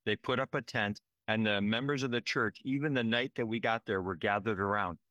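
Talking a little fast, a disaster relief worker with a fairly low, fairly bright voice earnestly and emotionally recounts relief work, often adding "right?" in this conversational field report. The recording has no room sound, and its highs are cut off.

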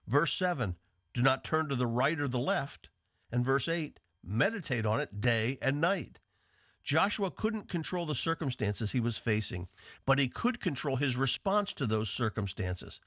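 A man from the northeastern United States teaching a devotional on the radio in an earnest, measured way. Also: medium pitch, fairly bright tone, no echo, clean studio sound. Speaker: radio Bible teacher and host.

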